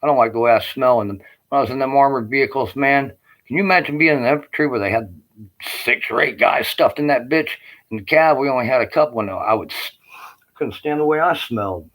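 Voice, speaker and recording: A man's voice: mid-range voice, fairly quick, a bit bright, low-quality recording. A man in his late fifties, an army veteran, ranting on in a rambling, aggrieved and heavily profane way. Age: 50s. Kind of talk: rambling personal rant.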